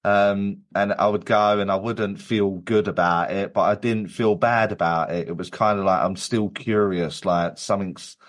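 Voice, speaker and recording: A man's voice: fairly low pitch, fairly even intonation, normal speed, few pauses. A man, a medium and guest, telling his story in casual chat with many restarts and fillers.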